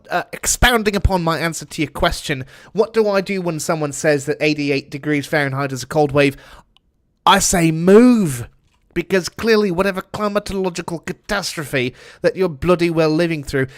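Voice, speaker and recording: Man, put-on British accent, slightly high voice, chatty game streamer, swears a lot. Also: normal speed. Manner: chatty, swears often, answers chat while playing. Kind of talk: casual gameplay commentary.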